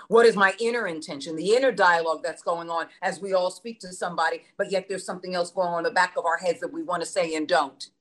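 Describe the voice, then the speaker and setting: Middle-aged New York woman with a lowish voice, coaching voice actors in an emphatic, punchy manner. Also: a bit bright. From New York City. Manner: emphatic, rhetorical questions, repetition, swears. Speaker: voice acting coach. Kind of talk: motivational talk.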